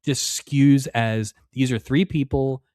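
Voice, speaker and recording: A man co-hosting a podcast, wry and quick to laugh, teasing his co-host. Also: mid-range voice, fairly even intonation, a little mellow, no echo, clean studio sound. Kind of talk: casual chat.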